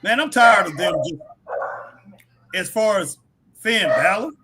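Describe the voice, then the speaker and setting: A man's voice: high-pitched, lively intonation, measured pace, over music. A man co-hosting a wrestling live stream in casual chat, laughing and joking, breaking into bits of old songs. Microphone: home stream mic.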